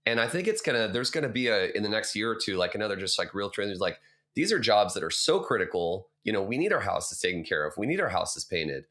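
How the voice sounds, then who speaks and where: A man's voice: fairly low pitch, sing-song, quick pace, sharp tone. A man hosting a podcast, sharing his views in an earnest, thinking-aloud way. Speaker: podcast host. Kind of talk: casual interview chat.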